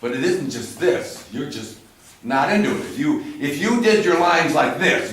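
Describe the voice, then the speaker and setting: A man directing an actor in rehearsal, blunt and swearing, dropping low then pushing hard, recorded from across an echoey studio theatre. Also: very animated, normal speed. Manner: blunt, swearing, swings from quiet to loud pushing. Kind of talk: rehearsal coaching. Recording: echoey room from far off.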